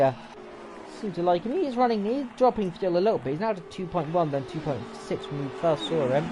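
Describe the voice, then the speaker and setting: A man giving live sim racing commentary in a chatty way, often unsure and correcting himself mid-call. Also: fairly high pitch. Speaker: race commentator. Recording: game engine noise loud behind voice. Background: racing game car engines.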